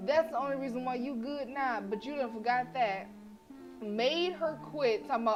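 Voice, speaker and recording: A woman streaming a horror visual novel, reading the game text aloud and chatting with viewers in a lively, talkative way. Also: a little high, unhurried, muffled recording. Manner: chatty, animated, vents to chat. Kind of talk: casual game stream with read-aloud narration. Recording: music playing behind.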